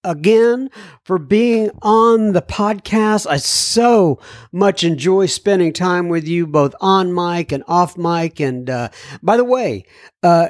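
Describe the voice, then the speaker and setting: A man's voice: a little high, dry recording, clean studio sound. A man hosting a recovery podcast, earnestly reading listener letters aloud with folksy asides. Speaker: podcast host.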